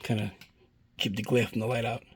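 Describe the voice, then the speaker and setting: This casual unboxing vlog, recorded indoors at home, features a man with a mid-range voice and flat delivery talking a little fast. Showing off a movie prop from his collection, he meanders through a story full of swearing, with faint hiss or hum in the audio.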